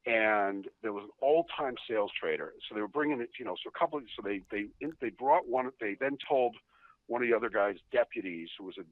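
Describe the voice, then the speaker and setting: Low, lively man on a dry phone line, chatty, swears freely, laughs as he tells it. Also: brisk, dry recording. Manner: chatty, profane, laughing at own stories. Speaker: podcast guest. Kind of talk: casual storytelling.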